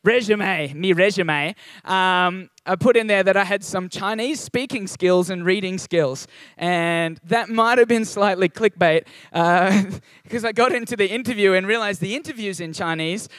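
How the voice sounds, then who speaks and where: Young aussie guy preaching, chatty and upbeat, pretty high voice, dry sound. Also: normal speed, fairly bright tone, no room sound. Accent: Australian. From Australia. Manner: chatty and upbeat, with frequent ums and asides. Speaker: guest preacher. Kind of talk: sermon. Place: church service.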